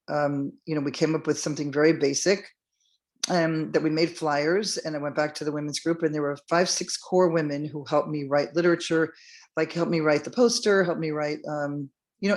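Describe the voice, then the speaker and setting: Speaking fairly quickly with fairly even intonation, a middle-aged woman with a low-pitched voice hosts a podcast and shares a personal story. She wanders through it casually, with fillers, restarts, and acted-out quotes from others.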